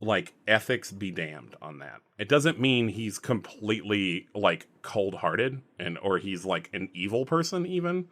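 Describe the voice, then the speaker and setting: A man's voice: on the low side, very animated, a little slow, hardly any pauses, a bit bright. A man running a tabletop role-play game as game master, narrating loosely with lots of filler words. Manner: loose and rambling, full of "like".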